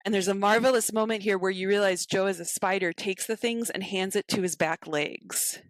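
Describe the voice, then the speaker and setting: Animated woman retelling a story, dry sound. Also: medium pitch, moderate pace, no room sound. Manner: animated storyteller who acts out quotes. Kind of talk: casual podcast chat retelling a film.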